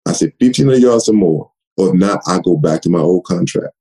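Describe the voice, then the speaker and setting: A man's voice: low voice, brisk, low-quality recording. A man, a retired running back telling stories in an interview, repeating words and acting out old conversations. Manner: animated storyteller, repeats words, acts out quoted dialogue. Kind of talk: conversational storytelling. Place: home office.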